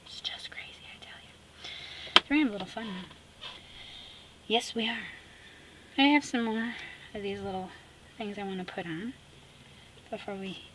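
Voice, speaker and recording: A woman vlogging as she makes an art collage. She chats casually and sassily, talks to herself as she works, and often drops into soft whispers. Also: mid-range voice, poor audio. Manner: chatty, drifting into soft whispers; sassy, talks to herself while working. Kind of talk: casual chat while crafting. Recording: steady background noise with clicks.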